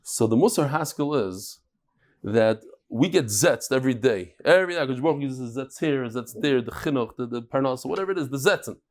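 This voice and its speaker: A man giving a daily Talmud lecture, explaining cases and telling jokes in a lively, storytelling way. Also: medium pitch, brisk. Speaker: Talmud teacher.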